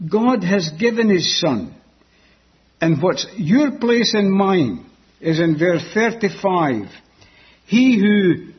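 A man preaching a sermon, slow and emphatic, repeating key phrases, on a dull lo-fi recording. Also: high-pitched, slightly rough.

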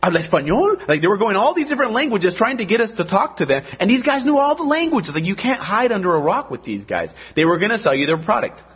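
A man's voice: sits high, big pitch swings, quick pace, few pauses, slightly rough, highs cut off. A man preaching a sermon, talking in a conversational way and dropping in dramatic asides. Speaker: pastor.

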